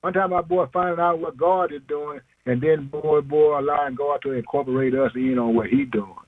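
A man's voice: a little high, fairly even intonation, a little fast, no room sound, phone-quality sound. A man preaching an informal sermon, emphatic and slangy, asking questions and answering them himself, chuckling often.

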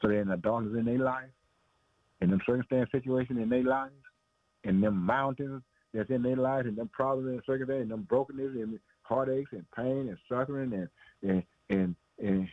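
A man's voice: mid-range voice, normal speed, no echo. Man, informal preacher, repetitive conversational delivery, phone-like audio, no room sound. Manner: repetitive, conversational, calls listener "man" and "boy". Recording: tinny phone-line sound, dry.

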